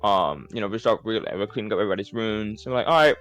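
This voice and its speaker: A man with a somewhat low voice tells the story of a tabletop session in a loose, filler-heavy way. He swears freely and keeps it casual. Soft music plays faintly behind him. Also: steady tone, fast talker. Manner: rambling, profane, lots of fillers. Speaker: player giving a session recap. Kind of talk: casual recap of a tabletop game.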